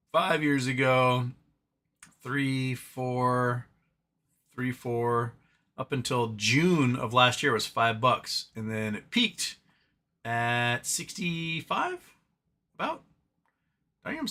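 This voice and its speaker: A man's voice: mid-range voice, slow, pauses often, sharp tone. A man hosting a casual live stream, reading chat comments aloud and rambling between them, often talking to his cat. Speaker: livestream host reading chat.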